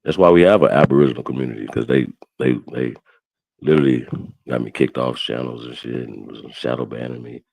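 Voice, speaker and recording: A man with a very low voice runs a livestream roast, ranting and cursing. He repeats himself constantly, his volume rising and falling as he gets worked up. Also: a little fast, gravelly. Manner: loud, ranting, repeats himself, swears a lot. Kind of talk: heated profane livestream rant.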